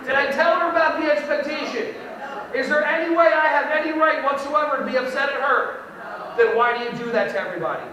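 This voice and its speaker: A man giving a lively educational keynote to an audience, with a playful, animated delivery that acts out kids and parents. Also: extremely high pitch, fast talker. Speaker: keynote speaker. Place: large hall with audience. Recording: echoey hall recorded from far off.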